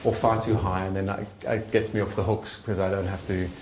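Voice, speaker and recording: A man's voice: low-pitched, level tone, fairly quick, background noise. A middle-aged man giving an earnest, conversational talk at an evening event in a bar's function room. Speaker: speaker. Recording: roomy live venue sound.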